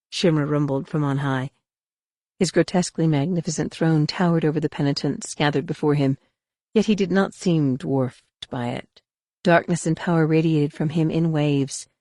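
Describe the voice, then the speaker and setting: A woman's voice: low voice, moderate pace, warm tone, no room sound, clean studio sound. A woman narrating a science-fiction audiobook dramatically, voicing the characters. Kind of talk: scripted narration.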